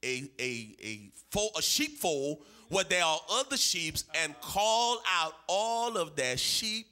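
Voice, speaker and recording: A pastor preaches to his church in a high, very bright voice. His pitch leaps and falls as he leans into rhythmic, repeated phrases. He keeps up a steady call and response with the room. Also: slow pace. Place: church sanctuary.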